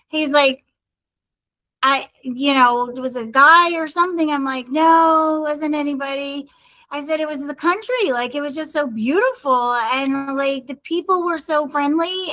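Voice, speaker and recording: A woman's voice: high-pitched, bright, forceful tone, low-quality recording. A middle-aged woman co-hosting a podcast, rambling cheerfully through a personal story in casual chat. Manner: chatty, rambling storyteller, often addresses her brother. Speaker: podcast co-host.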